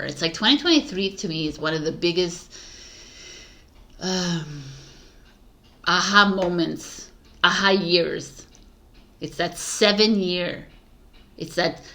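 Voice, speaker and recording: A woman's voice: on the low side, bright, forceful tone. A woman talking as a tarot reader in a casual spiritual monologue, rambling with many fillers and frequent laughter.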